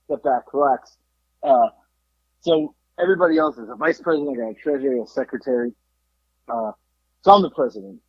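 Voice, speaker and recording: A man's voice: mid-range voice, expressive, fast, long pauses, breathy edge, muffled recording. A man from South Florida co-hosting a podcast, telling a story in casual chat, acting out quotes and swearing freely. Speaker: podcast co-host.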